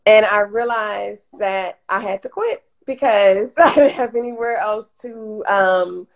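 A woman's voice: medium pitch, creaky. A woman from Detroit, a guest on an interview show, telling her story casually and animatedly, acting out what others said. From Detroit, Michigan. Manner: animated, acts out quoted voices. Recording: IG Live stream audio.

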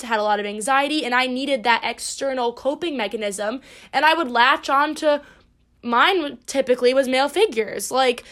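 High-voiced swearing young woman podcaster. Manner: blunt, swears a lot, animated and emphatic. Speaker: podcast host. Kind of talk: casual solo podcast chat.

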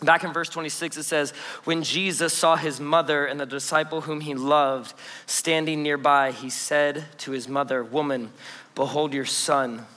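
High, bright-voiced joking pastor. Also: male voice, normal speed. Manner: lively, joking, storytelling with playful asides. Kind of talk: energetic conversational sermon. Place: church auditorium. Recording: long hall reverb in a church.

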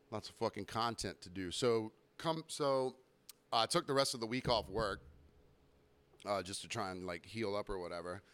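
Profane rambling young man, smooth voice. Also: on the low side, fairly bright tone. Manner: rambling, profane, self-mocking. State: recovering from illness, throat clearing. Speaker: podcast host. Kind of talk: casual storytelling monologue.

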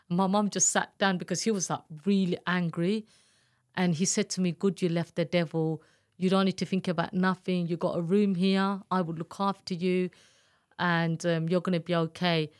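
A woman's voice: on the low side, fairly even intonation, moderate pace. A woman telling her own story in an interview, candid and earnest, acting out the voices of people she quotes. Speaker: guest, abuse survivor telling her story. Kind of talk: emotional personal storytelling.

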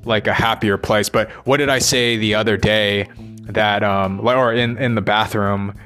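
A man's voice: lowish voice, fairly even intonation, normal speed, a bit bright, faint music behind. A man thinking aloud in a rambling personal monologue, restless and swearing as he questions himself.

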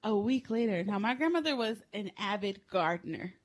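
A young woman co-hosting a podcast, telling a crude story with loud laughter and lively, animated storytelling. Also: medium pitch, a little fast, very noisy. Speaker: podcast co-host. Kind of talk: casual chat.

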